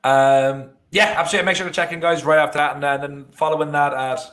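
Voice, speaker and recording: A man's voice: fairly high pitch, steady tone, fast talker, a bit bright. A young Irish man co-hosting a live football watchalong, talking casually and rambling with lots of fillers. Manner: rambling, many fillers and restarts. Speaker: watchalong co-host.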